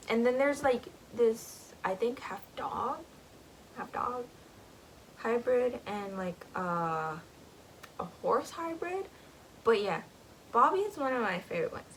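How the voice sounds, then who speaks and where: A woman's voice: a little high, fairly bright tone, slight background noise, poor audio. A woman casually recapping a book, rambling, with lots of filler words.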